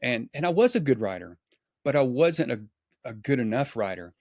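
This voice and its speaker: A man from East Texas, a guest author telling stories in an animated, casual way. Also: mid-range voice, normal speed, dry recording, clean studio sound. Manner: animated storyteller, acts out quoted dialogue. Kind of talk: casual storytelling.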